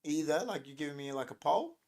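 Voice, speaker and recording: A man's voice: on the high side, lively intonation, a little fast, darkish tone. Rambling man on a livestream. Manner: rambling, joking, reacting to chat comments. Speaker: livestream host. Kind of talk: casual live-stream chat.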